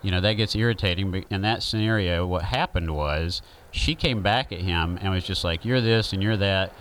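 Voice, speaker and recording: A man's voice: deep voice, moderate pace, fairly bright tone, clear, resonant tone, poor audio. A man with a Southern accent, talking through an opinion monologue in a rambling, conversational way with many fillers.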